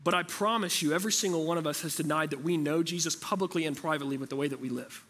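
A man's voice: a little high, very fast, a bit bright, husky. A man preaching a sermon as pastor, talking in a conversational way and asking the room rhetorical questions.

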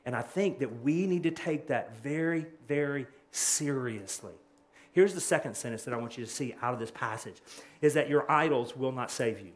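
A pastor preaching a sermon in an earnest, urgent way, often restarting his phrases. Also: medium pitch.

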